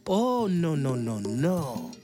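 A calm, knowing mother from a folk tale, as a male storyteller puts her on, who speaks gently but warns of her husband's strength. Her lines come slow and low. Faint music plays behind.

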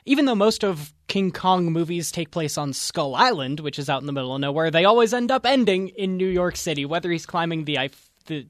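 Upbeat higher-voiced male co-host. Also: animated, a little fast, fairly bright tone, no room sound, clean studio sound. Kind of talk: casual chat.

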